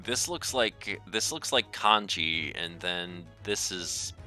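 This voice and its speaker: A man casually reading a game aloud on a live stream, his voice lively and bright. He stumbles and repeats words as he goes, and his pitch moves freely up and down. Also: slow, soft background music.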